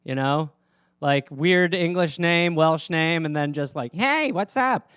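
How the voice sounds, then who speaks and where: A man's voice: a little high, fairly even intonation, unhurried, a bit bright, smooth, dry recording, clean studio sound. Rambling, profane American man. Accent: American Midwestern. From Wisconsin, USA. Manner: rambling, profane, self-mocking. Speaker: comedian host answering fan questions. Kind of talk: casual solo chat.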